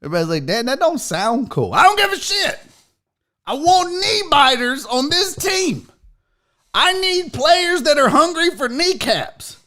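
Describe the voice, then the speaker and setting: A man doing an impression of a fired-up, profane football coach, shouting tough boasts. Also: very high voice, very animated, measured pace, pitched above the performer's own voice, exaggerated voice. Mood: defiant.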